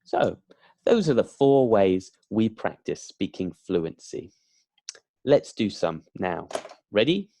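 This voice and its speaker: Guy teaching beginner english, super slow and bouncy, repeats every word, dry sound. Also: lowish voice, big pitch swings, gravelly, warm tone, no echo. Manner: slow, emphatic drilling with repetition.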